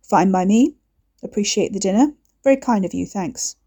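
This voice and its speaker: A woman reading aloud and voicing an awkward, blunt young man who speaks haltingly. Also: medium pitch, dark tone, slightly rough. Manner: halting, hesitant speech.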